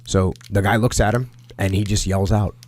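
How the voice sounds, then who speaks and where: Low-voiced man telling a story. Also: steady tone, moderate pace, a little mellow, no echo. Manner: storytelling with military jargon, frequent restarts. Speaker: podcast host. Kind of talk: casual podcast conversation.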